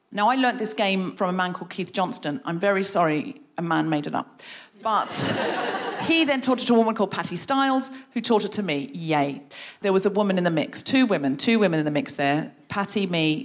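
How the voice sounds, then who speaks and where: A woman, speaking as a guest on stage and leading an audience through a creativity exercise in a playful, energetic way, laughing often. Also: mid-range voice. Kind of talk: live stage talk to an audience.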